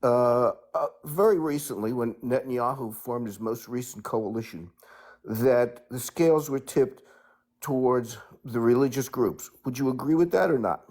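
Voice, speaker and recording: Guest: American man on a call-in debate, slow and measured, full of ums and uhs. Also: mid-range voice, darkish tone. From United States. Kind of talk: live online debate.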